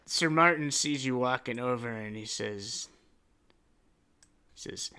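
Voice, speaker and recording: Gravelly-voiced man game master. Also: mid-range voice, takes it slowly, long pauses, sharp tone. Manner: casual, rambling, filler-heavy. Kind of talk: narrating a tabletop game.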